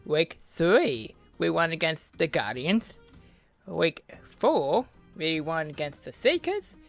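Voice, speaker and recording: An Australian man hosting a gaming channel, giving excitable mock sports commentary on his own match and cheering loudly. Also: fairly high pitch, slow, creaky, faint music behind. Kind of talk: self-commentary while playing a video game.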